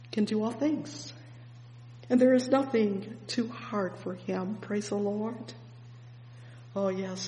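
A preacher delivering a fervent sermon, repeating "oh, yes" and "praise the Lord" and swinging between loud and hushed. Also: mid-range voice. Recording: echoey hall with faint hum.

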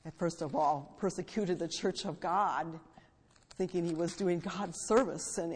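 Earnest woman preacher, slightly low voice, reverberant space. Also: breathy edge. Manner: earnest, rising to fervent then hushed. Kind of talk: sermon. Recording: long reverb.

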